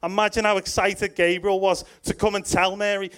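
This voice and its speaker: A man's voice: high voice, moderate pace, few pauses, clean tone. A young man preaching a sermon, reading scripture and telling the story with jokey asides and acted-out voices. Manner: lively, acts out quoted voices with jokey asides.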